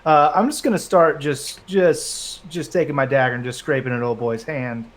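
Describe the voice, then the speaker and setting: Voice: medium pitch, fairly even intonation, normal speed. A player at a live tabletop game, bantering in a joking, stammering way.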